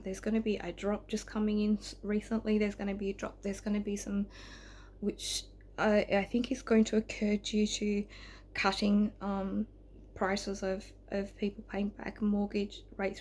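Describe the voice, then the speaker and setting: A woman's voice: mid-range voice, a little mellow, slight background noise. A woman giving a tarot reading, delivering a rambling, emotional spirit message, close to tears and often slipping into whispers. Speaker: tarot reader. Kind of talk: spoken channeled message.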